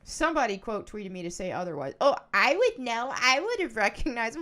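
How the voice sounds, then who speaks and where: A woman YouTuber giving casual, animated video commentary and laughing often. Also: fairly high pitch, normal speed, few pauses.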